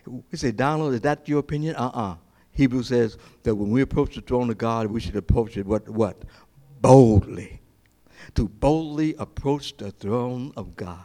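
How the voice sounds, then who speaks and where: Male pastor, sermon, medium-pitched voice, fervent preaching, loud peaks then quiet asides. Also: unhurried. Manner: impassioned preaching that swings between loud climaxes and quiet asides; repeats phrases for emphasis.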